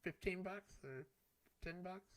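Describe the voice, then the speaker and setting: A man's voice: high-pitched, a little slow, a bit bright. A man co-hosting a casual podcast chat, teasing his friend and laughing often. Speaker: podcast co-host.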